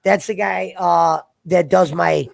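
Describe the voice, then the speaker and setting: A man's voice: high-pitched, fairly even intonation, slow pace, vocal fry. A man hosting a casual chat, rambling bluntly through stories.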